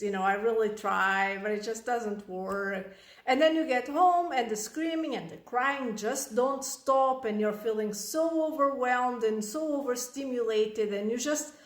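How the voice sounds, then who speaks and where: A woman giving casual parenting advice as a coach, telling a story with lively, acted-out scenes. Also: a little high. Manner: animated storytelling, acting out scenes. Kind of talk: casual direct-to-camera advice. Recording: roomy echo.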